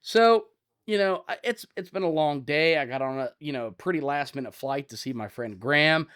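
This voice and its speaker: A man around forty from Ohio, co-hosting a podcast and telling loud, animated stories in casual chat. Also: a little high, moderate pace, clear, resonant tone. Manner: loud, animated storyteller, acts out scenes. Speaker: podcast co-host.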